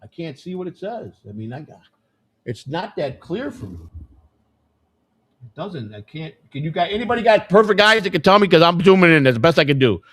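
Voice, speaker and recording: A man's voice: a little high, very animated, a little fast, breathy edge. Rambling, profane man on a live stream. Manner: rambling, profane, thinking out loud to chat. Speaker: livestream host. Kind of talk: casual live-stream commentary.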